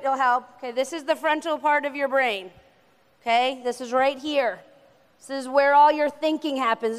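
High-voiced woman speaking in a hall. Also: smooth. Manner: animated, acts out voices of God and the brain. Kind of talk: faith-based talk on anxiety. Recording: reverberant hall.

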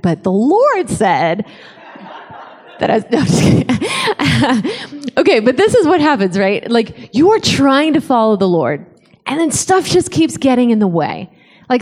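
Woman speaker, humorous testimony; lively, self-mocking storyteller who acts out the voices, voice pitched a bit high. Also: in a large hall. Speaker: conference speaker. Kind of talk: humorous faith testimony talk.

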